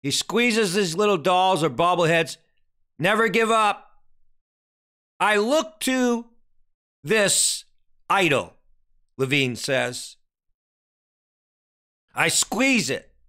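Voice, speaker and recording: A man preaching a dramatic sermon, hammering questions at his listeners and then sinking to a low, grave tone. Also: expressive, drawn-out words, long pauses, bright, forceful tone, clear, resonant tone. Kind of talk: impassioned sermon commentary.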